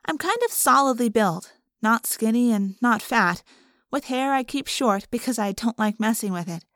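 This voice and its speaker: Audiobook narrator: woman, conversational first-person reading, fairly high voice, dry close sound. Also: expressive, normal speed, fairly bright tone, no echo.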